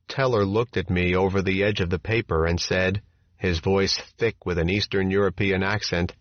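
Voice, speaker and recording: Low-voiced guy reading an audiobook, steady, measured, dry and kinda muffled sound. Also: dry recording. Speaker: audiobook narrator. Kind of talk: scripted first-person narration. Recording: dull, dry audiobook recording.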